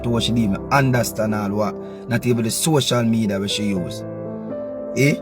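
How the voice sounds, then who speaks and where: Jamaican man, scornful patois rant, mid-pitched, loud music underneath. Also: steady tone, a little fast. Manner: bitter, scornful, repetitive. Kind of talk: ranting monologue.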